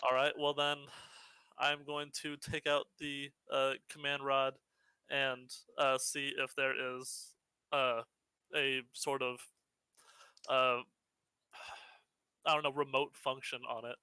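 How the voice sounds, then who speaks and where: A man's voice: mid-range voice, flat delivery, slow, long pauses, pushed and bright, clear, resonant tone, no room sound. A man playing a tabletop game, talking hesitantly with lots of ums and casual swearing. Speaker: player.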